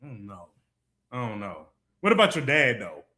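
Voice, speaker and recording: A man's voice: medium pitch, sing-song, normal speed, pushed and bright. A man co-hosting a live show, teasing and laughing through casual banter. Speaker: co-host.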